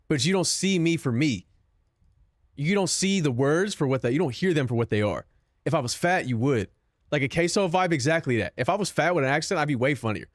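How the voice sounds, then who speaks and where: A man's voice: mid-range voice, dry recording, studio quality. A young man streaming and chatting casually with his viewers, joking, swearing and mocking himself. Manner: self-mocking, profane, joking.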